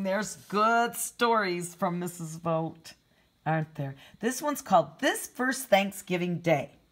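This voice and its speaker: In a fairly low-pitched, husky voice, a woman who teaches preschool reads a picture book aloud to young kids, explaining words and gently asking them questions.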